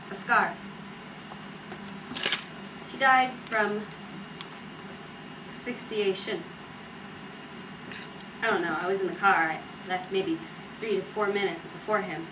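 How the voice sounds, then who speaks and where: A woman's voice: medium pitch, far from the mic, close to an everyday voice. A woman playing a blunt, wry young woman. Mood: somber. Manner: wry and matter-of-fact, turns somber. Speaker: actress performing a monologue. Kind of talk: stage monologue based on an interview. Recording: echoey stage recorded from afar, steady noise.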